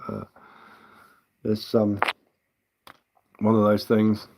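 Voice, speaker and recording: A man's voice: fairly low pitch, monotone, very slow, creaky, noisy background. A man chatting casually on a live stream as a woodcarver, easygoing and answering viewer comments.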